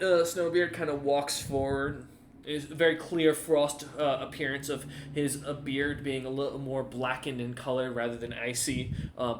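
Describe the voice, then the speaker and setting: A man narrating a tabletop game as game master, talking in halting bursts with many ums and restarts. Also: mid-range voice, a little hiss or hum.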